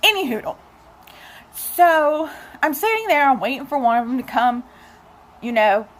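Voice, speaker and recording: A chatty young woman tells a story straight to her camera in a casual, animated way, talking to her viewers. Her voice sits a little high. It sounds like a relaxed home recording on a camera mic. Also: unhurried. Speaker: vlogger.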